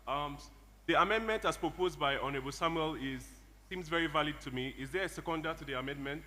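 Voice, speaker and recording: A man presides over a legislative session in a bright, slightly high voice, moving briskly from clause to clause. His voice rings out with a long reverb in a large chamber over a faint hum. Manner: brisk, calls out clauses one by one, light teasing. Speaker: presiding chairman of a model assembly. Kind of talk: formal chairing of a legislative session.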